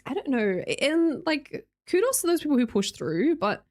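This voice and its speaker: Brief: young Australian woman, lively up-and-down voice, a bit high, chatty streamer who laughs a lot. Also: normal speed. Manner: chatty, laughs often, reads chat aloud. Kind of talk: casual chat with live chat readers.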